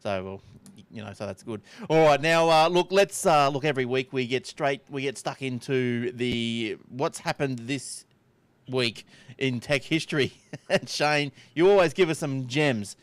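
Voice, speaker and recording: A man hosts a tech podcast in casual conversation. He talks in a chatty way, throwing in quick asides. The sound is dry and close, with no room around him. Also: medium pitch, dry recording. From Australia. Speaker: podcast host. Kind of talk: casual chat.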